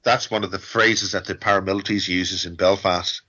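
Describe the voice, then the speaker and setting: A middle-aged man with a low, forceful voice holds forth as a guest, rambling from point to point with wry jokes. His audio is dull and lo-fi, as if it came over a call. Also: fairly even intonation, fairly quick. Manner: ranting, digressive, wry. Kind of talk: rambling interview talk.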